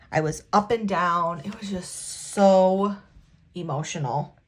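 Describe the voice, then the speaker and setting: A woman vlogger talking in a halting, emotional way while working on her planner at a home desk. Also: fairly low pitch. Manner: halting, emotional, many restarts. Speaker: planner vlogger and immigration attorney. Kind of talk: casual talk while decorating a planner.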